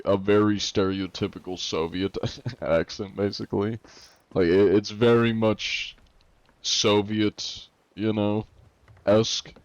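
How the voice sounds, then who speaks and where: A man with a put-on Russian accent chats and teases his viewers while he plays a game, his voice sitting fairly low. The stream audio sounds a little muffled and dull. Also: gravelly, no room sound. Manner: joking, teasing, playing a mock-Russian persona. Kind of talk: casual livestream gaming chat.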